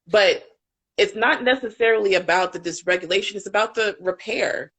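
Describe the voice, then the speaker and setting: Woman, parent coach, live panel talk, candid, impassioned, swears freely, middle pitch. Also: moderate pace, fairly bright tone.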